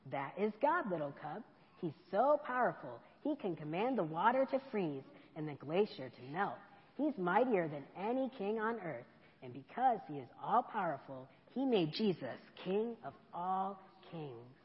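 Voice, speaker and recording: A woman reading aloud, voicing a gentle, patient mother bear who explains things in a soft, reassuring way. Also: on the low side, big pitch swings, a little slow. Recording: dull echoey church hall.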